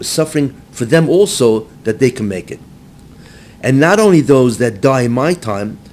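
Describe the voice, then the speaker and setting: A man, a rabbi, teaching a class to a live group. He mixes Hebrew phrases into his English, keeps checking in with "right?", and rises to near-shouting when he acts out the text. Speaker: rabbi giving a Torah class. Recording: faint low rumble behind.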